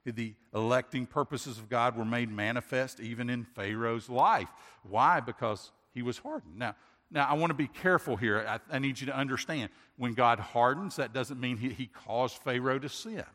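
A man's voice: mid-range voice, normal speed, a bit bright. Guy pastor preaching, earnest, asks questions at the crowd, big echoey church hall sound. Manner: earnest, with rhetorical questions and restarts. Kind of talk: sermon. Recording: long hall reverb.

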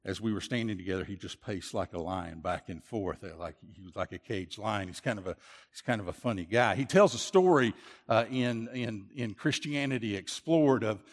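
A man's voice: on the low side, animated, normal speed, in a large hall. A man pastor preaching a sermon, earnest and repetitive, often restarting his phrases. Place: church.

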